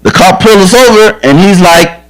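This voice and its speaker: A police officer speaking plainly and earnestly to a group of young campers, mixing blunt advice with stories from his own life. His voice sits a little higher than most men's. He talks directly and frankly, driving each point home. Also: lively intonation, fairly quick, rough recording. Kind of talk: safety talk to children at a church camp.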